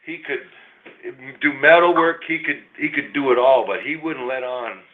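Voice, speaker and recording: A man's voice: mid-range voice, normal speed. A middle-aged man, a small business owner, telling a long rambling story in casual chat, swearing freely. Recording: tinny phone-like line, faint hiss.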